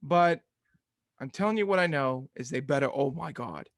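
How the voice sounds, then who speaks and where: A man's voice: on the high side, expressive, moderate pace, no room sound, clean studio sound. A man co-hosting a casual sports podcast, ranting with energy and laughing often. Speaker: podcast co-host.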